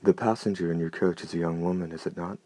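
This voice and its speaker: A gloomy, gorgeous-voiced night stalker speaks in a soft, courtly, menacing tone, voiced by a man. The voice is extremely deep and barely moves in pitch. It sounds close and dry, with no room around it. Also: fairly even intonation, quick pace, no room sound. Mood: courtly menace. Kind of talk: audiobook character reading.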